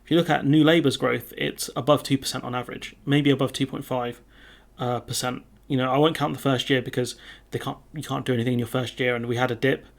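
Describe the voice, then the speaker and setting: A man riffing on the news as a political commentator, sardonic and loose, full of filler words. His voice sits at an ordinary pitch and has a gravelly, fry-laden edge. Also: steady tone, fast talker.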